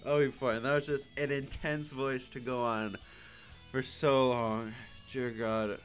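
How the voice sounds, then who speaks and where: A hoarse man groaning and joking at himself in casual gaming commentary. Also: medium pitch, flat delivery, unhurried, soft background music. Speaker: game player.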